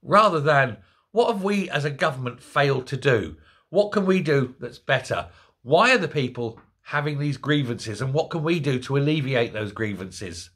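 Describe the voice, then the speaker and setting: Man, sarcastic rant, husky voice, bright tone. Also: medium pitch, animated, normal speed. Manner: indignant, sarcastic. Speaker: political commentator. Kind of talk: ranting monologue.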